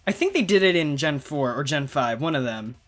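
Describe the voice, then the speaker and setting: A man chats loosely over a playthrough, trailing off and circling back as he goes. His voice sits a touch higher than most men's. Faint game music plays softly behind him. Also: lively intonation, a little fast. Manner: rambling, chatty, self-interrupting. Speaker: gaming channel host. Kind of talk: casual gameplay commentary.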